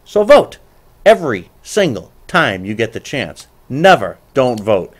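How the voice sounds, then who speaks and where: A middle-aged man hosts a live political show and speaks his mind bluntly. He gets animated, stumbles into restarts and repeats himself for emphasis. His voice sits at an ordinary male pitch. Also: a little slow. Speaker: show host. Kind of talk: live political call-in talk.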